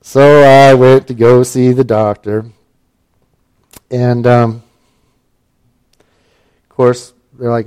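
A man's voice: mid-range voice, flat delivery, extremely slow, long pauses, a little mellow, clean tone. A middle-aged man from Alaska telling a personal story in a casual, wry and self-mocking way, with plenty of fillers and restarts.

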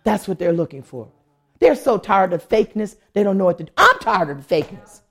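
A woman's voice: mid-range voice, very animated, a little fast, vocal fry, breathy edge. A woman pastor preaching a sermon, telling a testimony and acting out the voices of people she quotes. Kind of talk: sermon with storytelling.

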